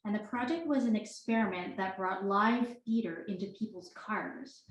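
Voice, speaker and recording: A woman's voice: medium pitch, normal speed. A woman introducing and reading her work at a book launch, chatty and self-deprecating, with stage directions read plainly. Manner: chatty, self-deprecating, laughing between lines. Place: bookstore event room indoors. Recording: echoey room.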